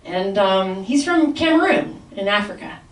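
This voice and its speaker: A woman comedian rehearsing a stand-up set in a class, talking haltingly with many fillers and restarts, and laughing at her own jokes. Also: medium pitch, lively intonation. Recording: echoey room, voice from a distance.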